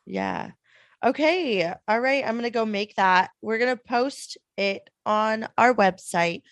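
A woman's voice: fairly high pitch, animated, unhurried, no room sound. A woman co-hosting a casual podcast, upbeat and laughing, chatting loosely with a friend. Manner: hyper, laughing, swearing. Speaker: podcast co-host. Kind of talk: casual chat.

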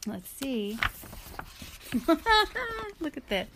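A woman reading a picture book aloud to a child in a gentle, playful voice, pausing to explain and chat. She speaks slowly, with a slightly raised pitch. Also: noisy background. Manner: gentle, playful, with chatty asides. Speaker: reader to a child.

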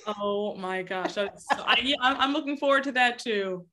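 A woman guest on a podcast in casual chat, agreeable and chatty, quick to back the host up. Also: medium pitch, pushed and bright. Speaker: guest, YouTuber.

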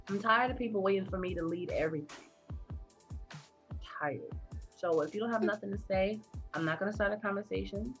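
A woman co-hosting a podcast in casual chat, sassy and animated as she tells a story into a studio mic. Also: medium pitch, brisk, pauses often, faint music behind. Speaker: podcast co-host. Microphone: studio microphone.

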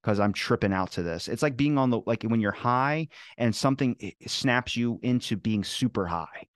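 In clean studio sound with no room echo, a young male podcast host talks at a moderate pace in a mid-range voice. He rambles through stories, swears freely, and quotes people with animation.

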